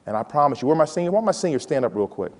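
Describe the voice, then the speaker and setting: A man in his forties giving a playful, animated motivational talk to students and calling out to the audience. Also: a little high, rapid-fire, slight background noise. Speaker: college president giving a talk. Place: large hall with a live audience. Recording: hall reverb.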